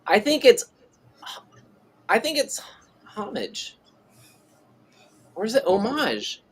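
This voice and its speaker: A man's voice: extremely high pitch, expressive, normal speed, fairly bright tone, slight background noise. A middle-aged man hosting a live drawing stream, chatting casually and reading out viewer messages. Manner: rambling, reads chat messages aloud. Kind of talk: casual chat while drawing.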